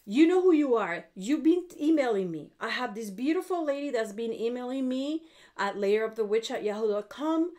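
This witchcraft video features a middle-aged woman with a medium-pitched, slightly mellow voice explaining a spell casually. She talks bluntly, swears freely, and regularly checks in with the people watching.

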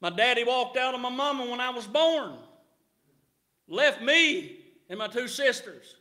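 Middle-aged male preacher, high bright tone, shouting revival delivery with frequent amens. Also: animated, a little slow. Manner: rising to shouts, punctuated with amen. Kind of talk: revival sermon. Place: church.

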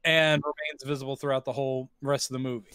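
A man's voice: mid-range voice, level tone, fast, sharp tone, smooth, no room sound, clean studio sound. A man co-hosting a podcast, chatting wryly about a movie and teasing his co-host. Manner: wry, teasing, quotes characters. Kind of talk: casual movie-review chat.

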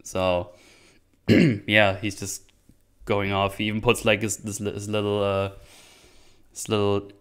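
A man's voice: lowish voice, monotone, takes it slowly, pauses often, fairly bright tone, clean tone. A man hosting a casual solo movie recap, rambling and laughing often, with many restarts. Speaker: podcast host reviewing a movie.

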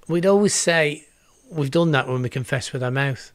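A man's voice: on the high side, moderate pace, dry recording, studio quality. Earnest preacher in his sixties. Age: 60s. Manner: earnest, reflective, repeats words for emphasis. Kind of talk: home video sermon. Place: home setup with green screen.

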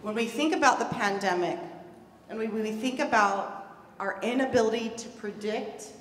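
Her voice sits on the high side and moves at normal speed as she gives a conference talk, earnest and emphatic, hammering key words through stress and repetition. The hall is echoey, the mic is far from her, and a faint hum lingers.

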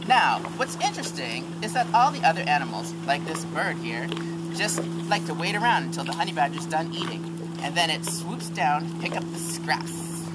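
A man's voice: on the high side, normal speed. A man narrating in a silly amateur script reading, a mock-documentary with disgusted asides, on a noisy amateur recording. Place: on vacation.

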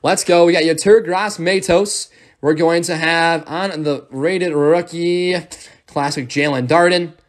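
A man's voice: on the high side, fairly even intonation, measured pace. A young man hosting a live sports card break, rattling off player names and thanking viewers as he opens packs.

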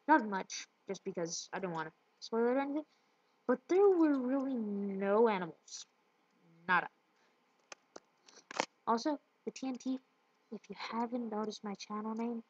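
A woman giving casual gameplay commentary, rambling and tripping over her words. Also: on the high side. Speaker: let's play gamer. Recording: muffled lo-fi with loud hiss.

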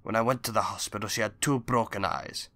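A man reading an audiobook, voicing a grieving older undertaker who pleads in a low, quiet voice. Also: fairly even intonation, brisk, no room sound. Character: grieving older male undertaker begging for justice.

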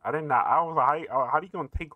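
A man hosting a reaction video, giving casual, profane commentary full of laughs and excited asides. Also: fairly high pitch, very fast, no echo, phone-quality sound.

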